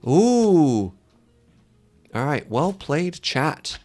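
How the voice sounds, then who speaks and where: A man's voice: fairly low pitch, animated, normal speed, gravelly, fairly bright tone. A man live-streaming a game, chatting casually with viewers in a joking, self-deprecating way, with faint game music behind him. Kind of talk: casual live-stream chat while gaming.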